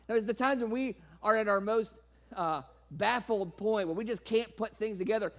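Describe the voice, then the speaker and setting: A man's voice: normal speed, a bit bright. A man preaching a sermon, laughing often and playfully acting out the people in his reading. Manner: acts out quoted voices with sudden pitch jumps.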